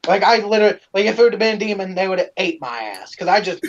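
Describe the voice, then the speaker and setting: A man hosts a live stream and tells stories to his fans in an animated, profane way, full of fillers. His voice sits fairly high for a man. The audio is slightly dull and lo-fi. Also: very fast. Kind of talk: casual storytelling to fans.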